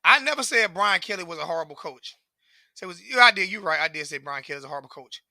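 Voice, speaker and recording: Profane ranting fan, bright tense voice. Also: male voice, sits high, expressive, quick pace, no room sound, clean studio sound. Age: 40s. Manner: profane, repetitive, exasperated ranting. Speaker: sports fan commentator.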